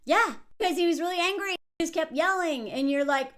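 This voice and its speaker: A woman in her thirties giving casual, animated commentary on a reality show, often mimicking the people she quotes. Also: high voice, moderate pace. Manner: animated, quoting others in mocking voices.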